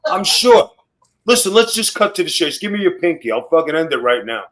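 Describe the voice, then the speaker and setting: A brash man with a fairly high voice barks profane, mock-mobster jokes at a co-host. He roasts and tells war stories with loud comic swagger on a podcast. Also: very animated, fairly quick, low-quality recording. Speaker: guest wrestler. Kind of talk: loud comedic roasting, storytelling. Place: podcast studio.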